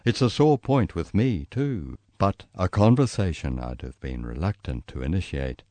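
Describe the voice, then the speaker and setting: Brief: male memoir narrator, New Zealand accent, low and very expressive, dry close sound. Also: normal speed, no echo. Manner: lively storytelling, voicing quoted people with raised pitch. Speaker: memoir reader. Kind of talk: dramatised memoir reading.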